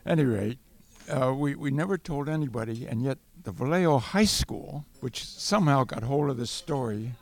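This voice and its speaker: An older man with a gravelly, creaky voice tells a long wartime story, laughing often and circling back on himself. His pitch sits in the middle range. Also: lively intonation, normal speed. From California. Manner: chuckling, rambling anecdote with restarts. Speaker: World War Two Navy veteran guest. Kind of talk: storytelling interview.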